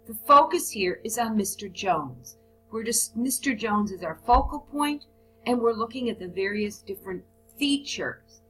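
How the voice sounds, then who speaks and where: A woman's voice: on the high side, expressive, moderate pace, sharp tone, soft background music, low-quality recording. A woman teaching a recorded business English lesson, reading example phrases aloud and then explaining them. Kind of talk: recorded lesson on report writing.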